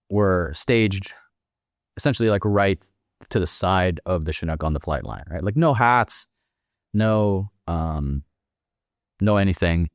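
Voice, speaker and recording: A young man telling a casual, profane story, acting out the dialogue and jumping higher when he quotes himself. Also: no room sound, clean studio sound. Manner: swearing freely, acting out dialogue. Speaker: guest.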